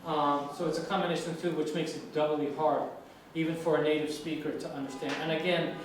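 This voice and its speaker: A man's voice: fairly high pitch, little pitch movement, fast. A man from the United States teaching English, talking with his class and asking questions. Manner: conversational, asks students questions. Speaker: English lecturer. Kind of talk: classroom discussion. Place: lecture room. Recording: echoey classroom from far off, faint noise.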